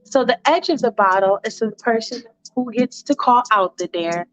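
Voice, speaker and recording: A woman's voice: fairly high pitch, lively intonation, moderate pace, a bit bright, low-quality recording. Woman doing a bold teasing young woman. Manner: teasing, pushy.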